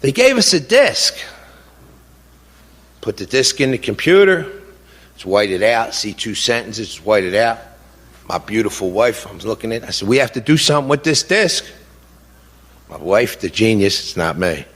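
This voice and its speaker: A middle-aged man speaking as a grieving father in an impassioned speech, halting with fillers at times and indignant at others. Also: lowish voice, very animated, fairly bright tone. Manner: indignant, rising to heated outbursts. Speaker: grieving father giving a talk.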